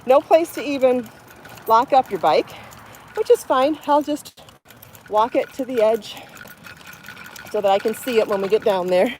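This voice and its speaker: A woman's voice: on the high side, a little slow, pauses often, darkish tone, a little hiss or hum. Breathless chatty woman on a phone outdoors. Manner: chatty, apologetic, laughs often. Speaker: podcast host on a live stream. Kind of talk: casual live vlog while walking a bike. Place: outdoors on a path to a beach. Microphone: phone held in hand.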